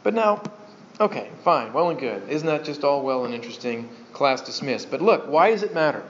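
A man teaching a sermon to a congregation, folksy and animated, with joking asides. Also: mid-range voice, moderate pace. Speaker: pastor. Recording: dull lo-fi sound.

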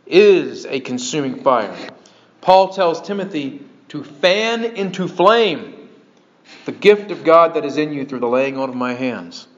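A man preaching a sermon as pastor, animated and breaking into joking asides to his congregation. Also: on the high side, measured pace. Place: church sanctuary. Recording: dull lo-fi sermon recording.

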